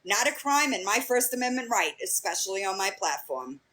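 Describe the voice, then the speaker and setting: A woman's voice: mid-range voice, sing-song, fairly quick, pushed and bright, a little hiss or hum. A young woman hosting a livestream, bluntly retelling an argument line by line with plenty of swearing. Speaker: livestream host. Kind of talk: casual livestream rant.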